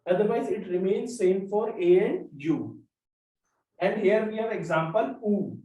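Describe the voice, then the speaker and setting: Slow, methodical male teacher in an echoey room. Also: high-pitched, animated, warm tone, lo-fi sound. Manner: slow, step-by-step explaining, spells out letters. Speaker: French teacher. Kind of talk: classroom lesson. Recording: roomy echo, mic at a distance.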